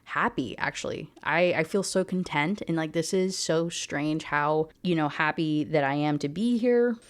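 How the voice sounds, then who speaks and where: A woman's voice: deep voice, moderate pace, natural voice. Lady doing a whiny fed-up young heroine, bubbly but annoyed. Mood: exasperated. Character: bubbly young human woman, quick to exasperation.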